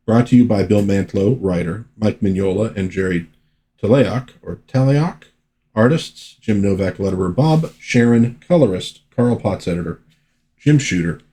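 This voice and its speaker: Male comic reviewer, chatty asides, lowish mellow voice. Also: husky. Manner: relaxed, conversational, chatty asides. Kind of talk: casual commentary, reading comics aloud.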